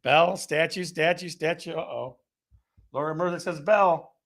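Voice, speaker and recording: A man's voice: fairly high pitch, measured pace, creaky, a bit bright. A man hosting a casual live show, upbeat and playful, reading out viewer comments from the chat. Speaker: host of a real estate live show.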